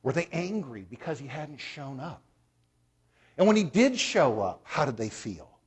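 A man's voice: on the high side, big pitch swings, unhurried, husky. A man preaching a sermon as a pastor, telling a story in a conversational way and putting questions to the congregation.

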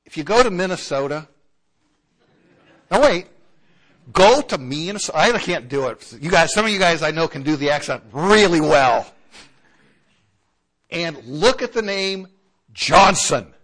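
A man's voice: a little high, lively intonation, unhurried, fairly bright tone. A man preaching a conversational sermon and now and then acting out the voices of townspeople.

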